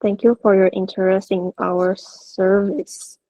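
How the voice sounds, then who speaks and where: Slow, hesitant woman student reading aloud. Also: medium pitch, fairly even intonation, mellow, poor audio.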